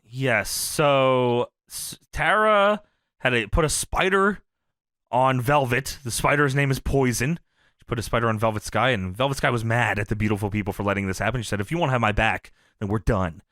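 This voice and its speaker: A man's voice: moderate pace, a bit bright, no echo, studio quality. A man co-hosting a podcast, recapping old wrestling episodes in casual chat, laughing often and acting out quotes. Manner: laughs often, acts out quotes with big swings in pitch. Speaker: podcast co-host.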